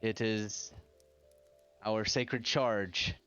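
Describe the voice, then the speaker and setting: A man doing a grave, low-voiced dwarf elder. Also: steady tone, fairly bright tone, smooth, muffled recording, soft background music. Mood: grave, somber. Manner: slow, low, somber and measured. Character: solemn grave male dwarf temple leader.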